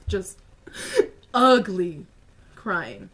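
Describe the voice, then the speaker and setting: A woman vlogger telling a personal story to camera in a casual, animated way, full of "like" and quick asides. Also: medium pitch. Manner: animated, filler-heavy retelling with lots of "like".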